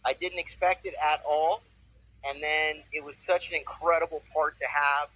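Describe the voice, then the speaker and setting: A man's voice: on the high side, fairly even intonation, normal speed, breathy edge. Upbeat man in his forties, muffled line. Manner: upbeat, enthusiastic storytelling. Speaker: voice actor, interview guest. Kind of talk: casual interview. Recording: muffled with faint noise.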